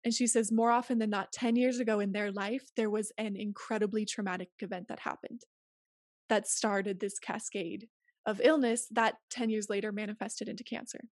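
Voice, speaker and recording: A woman's voice: mid-range voice, steady tone, normal speed, no room sound, clean studio sound. A woman speaking as an interview guest, earnest and emphatic as she gives advice in casual conversation. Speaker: podcast guest.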